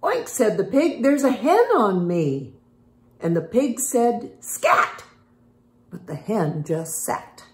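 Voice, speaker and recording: A woman's voice: mid-range voice, sing-song, mellow, echoey room. An older woman, a former teacher, reading a rhyming picture book aloud and explaining phonics sounds to young children in a patient way. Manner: slow, patient storybook reading with animal sounds.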